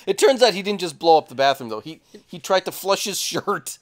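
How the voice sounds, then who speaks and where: A man's voice: sits high, animated, brisk. A man co-hosting a casual podcast chat in a studio, telling profane stories with lots of animation. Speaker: podcast co-host. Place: studio, sitting on couches.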